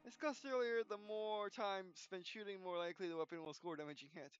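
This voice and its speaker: A man hosting a gameplay video, reading tutorial text aloud with halting restarts and yawns. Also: high voice, smooth, highs cut off. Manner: halting, frequent restarts, yawning. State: yawning.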